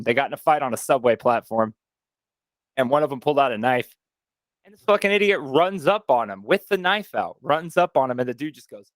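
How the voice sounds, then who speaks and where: Male co-host, rambling storyteller, higher pitch, dry mic. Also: dry recording. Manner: rambling storyteller, swears freely. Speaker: podcast co-host. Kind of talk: casual chat.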